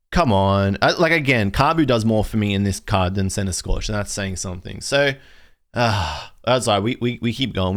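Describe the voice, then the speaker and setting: A young man hosting a casual pack-opening video, ranting in an exasperated, rambling way with frequent restarts. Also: mid-range voice. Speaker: card collector video host.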